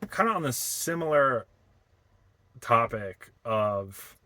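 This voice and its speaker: A young man from Boston in a casual, reflective vlog, talking haltingly with many fillers and restarts. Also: mid-range voice, animated, sharp tone, dry recording. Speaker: vlogger.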